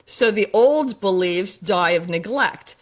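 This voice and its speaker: A woman's voice: medium pitch, expressive, slow. A middle-aged woman, a life coach guest on a podcast interview, talking earnestly and repeating her points for emphasis. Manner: earnest, repetitive, emphatic about affirmations.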